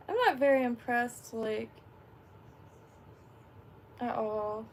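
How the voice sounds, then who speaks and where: A woman's voice: sits high, slow pace, pauses often, a little mellow, a little hiss or hum. A woman from Florida chatting on a livestream, rambling with lots of fillers and frequent laughs. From Florida, USA. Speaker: fishing livestreamer. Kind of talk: casual livestream chat.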